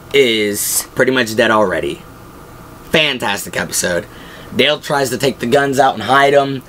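A man giving a casual, excitable recap of TV episodes, acting out the quotes as he goes. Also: medium pitch, a little hiss or hum. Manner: excitable, acts out quotes from the show. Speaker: video host.

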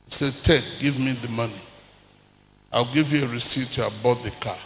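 An older Nigerian man preaching a sermon, telling stories with acted-out dialogue and rising to shouts. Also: medium pitch, normal speed, a little hiss or hum. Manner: animated storyteller, acts out dialogue, swings to shouting. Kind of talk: sermon with storytelling. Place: large church hall. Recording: echoey church hall with long reverb.

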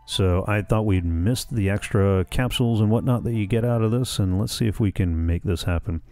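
Low gravelly man narrating a game. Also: moderate pace, dark tone. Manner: chatty, muses aloud, reads game dialogue plainly. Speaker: let's play host. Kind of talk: casual gameplay commentary. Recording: faint game music behind.

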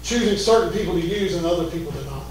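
High-voiced pastor preaching hard, lots of shouting, super echoey church. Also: male voice, animated, fast, a little hiss or hum. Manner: fervent, often shouting. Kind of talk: sermon. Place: church sanctuary. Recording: echoey church hall from a distance.

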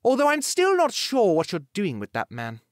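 A man's voice: high voice, huge pitch swings, normal speed, dry recording, studio quality, voice pushed up. A man putting on a haughty meddling old mother. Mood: meddling, snobbish. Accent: British. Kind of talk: audiobook narration.

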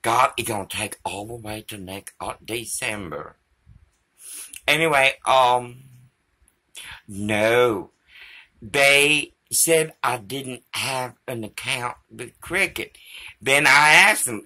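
A man's voice: mid-range voice, takes it slowly, pushed and bright. A man vlogging to a phone camera in a rambling, profane monologue that drifts between topics.

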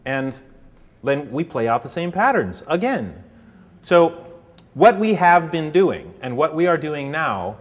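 Brief: male speaker, lively storyteller, slips into character voices, mid pitch. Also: in a large hall. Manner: animated, puts on voices for characters. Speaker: public speaker. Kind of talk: storytelling lecture to an audience.

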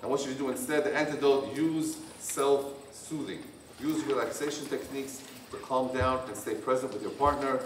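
A man's voice: medium pitch, normal speed. A man, a rabbi, leading a couples workshop and reading points aloud, then explaining them in plain, repetitive phrasing. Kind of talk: workshop lecture. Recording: echoey room, distant from the mic, faint hum.

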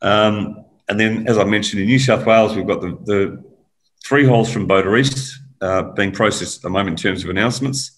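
A low-pitched man pitching his company to investors at a brisk clip. He talks energetically, stumbles and restarts with plenty of ums, and his voice sounds a little worn. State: voice getting tired. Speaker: company managing director. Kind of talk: investor presentation in an interview.

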